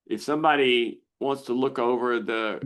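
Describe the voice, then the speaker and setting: This is an older man hosting a live question-and-answer session over a video call. His voice sits at a middle pitch and he explains step by step. Now and then he breaks into animated exclamations to act out what the brain is thinking. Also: moderate pace. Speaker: misophonia researcher hosting a Q&A.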